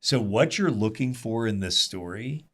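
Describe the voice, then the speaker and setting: Man, Bible teacher, casual small-group lesson, lowish voice, animated asides. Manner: animated, quick asides and rhetorical "right?".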